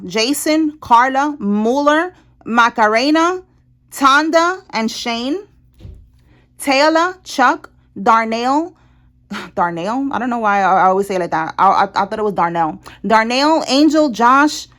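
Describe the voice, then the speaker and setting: A woman's voice: a little high, a bit bright. A woman giving a casual tarot reading, blunt and chatty, with cursing and laughter. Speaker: tarot reader.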